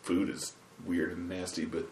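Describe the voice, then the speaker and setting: A man with a fairly low voice hosting a casual gaming podcast in a laid-back way. The sound is roomy and echoey. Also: monotone, normal speed, a little mellow, slight background noise. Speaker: podcast host.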